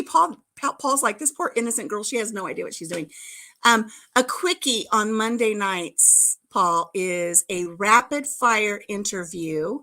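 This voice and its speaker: Her voice sits in the mid range and sounds pushed and bright. She's a middle-aged livestream host swapping childhood tales in a chatty, giggly style, sprinkling in playful innuendo.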